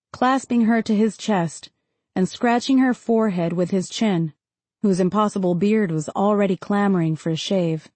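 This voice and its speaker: A woman narrates a literary novel in a calm, measured audiobook reading. Her voice is mellow and warm, sitting at a middle pitch. The recording is close and dry, with no room sound. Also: dry recording. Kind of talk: scripted narration.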